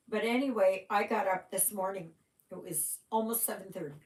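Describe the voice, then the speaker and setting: A woman's voice: mid-range voice, moderate pace. A middle-aged woman hosting a cross-stitch livestream, chatting casually with viewers, yawning and trailing off now and then. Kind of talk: casual chat with live viewers. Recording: echoey room.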